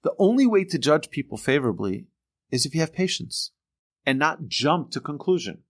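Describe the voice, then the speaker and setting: A man, a rabbi, giving an informal class on character traits in a conversational, animated way, often acting out quoted speech. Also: fairly high pitch, moderate pace. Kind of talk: informal Torah class lecture.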